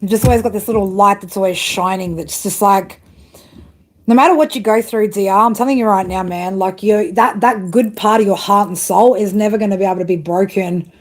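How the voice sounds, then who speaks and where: A tarot reader, a woman with a mid-range voice who talks a little fast, does a live-stream reading. She rants bluntly with heavy swearing and chats with her viewers.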